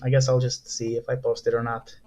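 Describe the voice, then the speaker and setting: A man's voice: medium pitch, monotone, fairly quick, darkish tone, slight background noise. A young man casually rambling through a card unboxing, profane and self-mocking. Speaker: vlogger.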